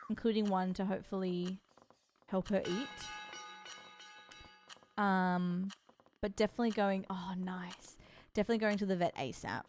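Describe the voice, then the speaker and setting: A young woman with a soft Australian accent chatting casually on a live stream. She is bubbly and chatty, gushes with excitement, and fills pauses with frequent ums. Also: mid-range voice, a little hiss or hum. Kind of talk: casual live-stream chat with a sponsor read.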